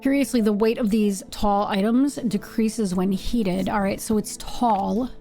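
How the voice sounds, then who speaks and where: A woman's voice: medium pitch, steady tone, unhurried, dark tone, soft background music. A woman streaming a game live, chatting playfully with viewers and reading game text aloud.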